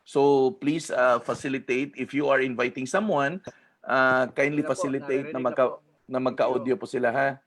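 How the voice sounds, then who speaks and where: A man's voice: mid-range voice, fairly even intonation, normal speed, a crowd in the background. A man with a Filipino accent, a pastor guiding an online session, switching between English and Tagalog in a friendly coaxing way. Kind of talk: casual instruction to an online audience.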